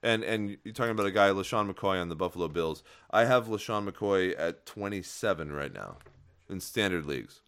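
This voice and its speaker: A man's voice: sits low, lively intonation, normal speed, a bit bright, smooth. A man co-hosting a casual fantasy football podcast, confident and argumentative, laughing often.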